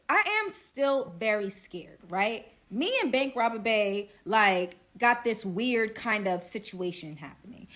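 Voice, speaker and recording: A young woman from Brooklyn with a Brooklyn accent, telling a casual storytime. She speaks in an animated way and drops to hushed tones for suspense. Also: on the high side. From Brooklyn, New York.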